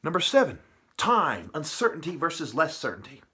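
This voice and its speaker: A man in a profane, preachy ranting monologue, swinging from muttering to shouting. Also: on the high side, huge pitch swings, moderate pace, breathy edge. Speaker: vlogger.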